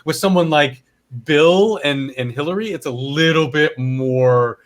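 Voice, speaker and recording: A man's voice: on the high side, unhurried. A man from Canada hosting a podcast, talking in a casual, rambling way with frequent restarts and swearing. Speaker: podcast host. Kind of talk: casual chat.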